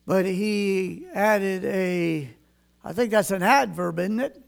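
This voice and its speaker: An older man preaching a folksy sermon in a high voice, reading scripture in a King James cadence. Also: slow, vocal fry.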